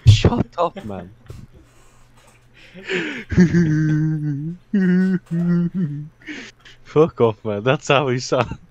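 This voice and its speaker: A man's voice: mid-range voice, animated, measured pace, few pauses, darkish tone, highs cut off. A man on gaming voice chat, ranting and swearing as he scolds a teammate. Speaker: gamer on voice chat.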